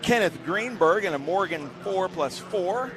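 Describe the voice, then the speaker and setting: A man co-commentating a motor race, rattling briskly through the starting grid with short remarks on the cars. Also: sits high, animated. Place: outdoors at a race track.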